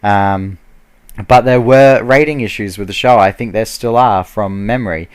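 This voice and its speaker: A man's voice: fairly low pitch, moderate pace, smooth. A man giving a heated, casual ranting review, full of fillers and restarts. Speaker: video blogger.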